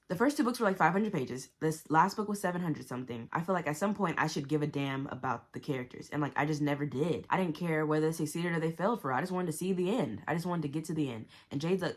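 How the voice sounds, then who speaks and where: Woman book vlogger with a low voice: casual, slangy, and cusses freely with big reactions. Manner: animated, blunt and profane, with exaggerated reactions; talks to herself and the viewers with slang. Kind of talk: casual book review chat.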